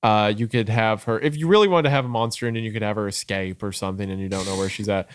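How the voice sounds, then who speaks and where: A man's voice: lowish voice, fast, clean tone, no echo, studio quality. A young man co-hosting a podcast, thinking aloud in casual discussion with fillers and restarts. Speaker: podcast co-host.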